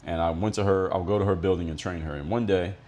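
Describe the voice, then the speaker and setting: Fast-talking deep-voiced man, blunt. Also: fairly even intonation, darkish tone. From Miami, United States. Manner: blunt, profane, explanatory. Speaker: podcast host. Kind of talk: monologue storytelling.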